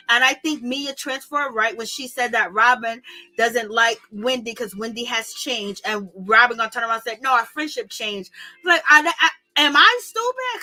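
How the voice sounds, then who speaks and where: A woman recapping a reality show in casual, slangy talk, animated and gossipy, laughing often. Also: on the high side. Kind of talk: casual commentary.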